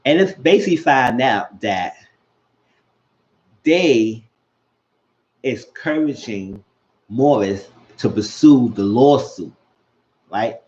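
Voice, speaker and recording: A man's voice: medium pitch, slow, long pauses. A man casually recapping a TV episode, telling scenes and acting out the characters' quotes. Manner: animated, retells scenes, acts out quotes. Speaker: show recap host. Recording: dull lo-fi sound.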